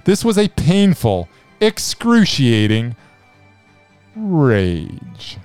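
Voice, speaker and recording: A man's voice: a little high, wildly swooping pitch, drawn-out words, darkish tone, clear, resonant tone, faint music behind. A man co-hosting a podcast, giving a sarcastic, comedic film review. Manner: sarcastic, wry. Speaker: podcast co-host.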